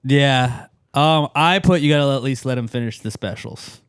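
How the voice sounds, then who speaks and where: A man's voice: mid-range voice, moderate pace, smooth. A man co-hosting a casual podcast, reading listener questions aloud and joking around, swearing freely.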